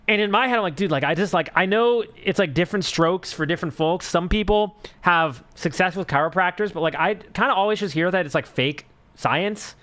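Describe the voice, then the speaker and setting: A man's voice: high voice, brisk, a bit bright. A young man chatting casually on a live stream, telling a rambling story full of fillers and swearing.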